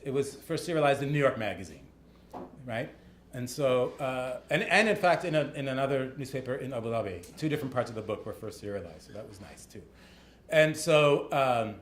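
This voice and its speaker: A man, an author, telling a story in a casual, chatty way, full of fillers and tag questions. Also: mid-range voice. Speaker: author speaking at a talk. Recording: echoey room with faint ambience.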